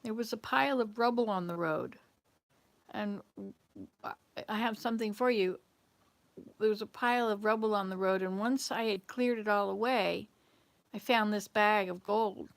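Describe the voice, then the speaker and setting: A woman voicing a humble, tired old man in a spoken fable, talking in an apologetic, halting way. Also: medium pitch, vocal fry, natural voice.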